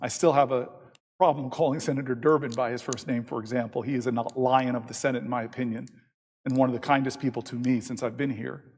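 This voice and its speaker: A man in his fifties giving a long floor speech as a senator, telling a story and quoting others in lively voices. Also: medium pitch, fast, breathy edge. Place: large legislative chamber. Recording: long reverb from a large chamber.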